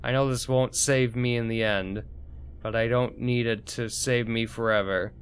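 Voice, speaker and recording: A man reading the lines of a weary young female cat in a game, in a quiet, subdued voice. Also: medium pitch, fairly even intonation, moderate pace, a little hiss or hum, close to an everyday voice. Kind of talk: reading game dialogue aloud.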